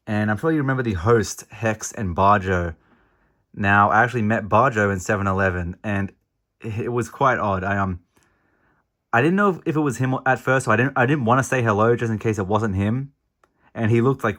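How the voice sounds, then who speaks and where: A young man hosts a comedic toy review in a low voice. He tells outrageous stories completely deadpan, and swear words slip in along the way. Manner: deadpan absurd storytelling, swearing.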